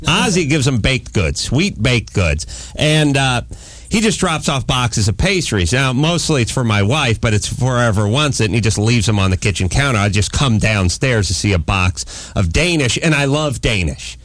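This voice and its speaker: A middle-aged man hosting a radio talk show, telling a comic story as an animated rant with sudden shouted outbursts. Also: mid-range voice, moderate pace, dry recording. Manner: animated ranting anecdote with shouted quoted outbursts. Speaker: host. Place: radio studio. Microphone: studio microphone.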